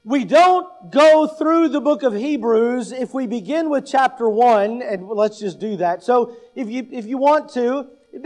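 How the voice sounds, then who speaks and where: A man preaching a sermon, emphatic and deliberate, stressing key words and posing rhetorical questions to the congregation. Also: very high voice, a little mellow. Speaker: pastor.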